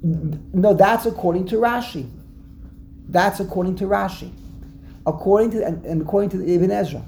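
A woman's voice: mid-range voice, moderate pace, creaky, mellow, a little hiss or hum. A woman teaching a Torah text class, explaining word by word, repeating herself and acting out the verses she quotes.

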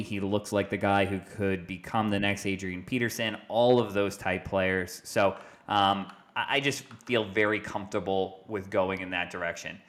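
Male podcast host, lower voice, easygoing, steers the chat. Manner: easygoing, leads the discussion.

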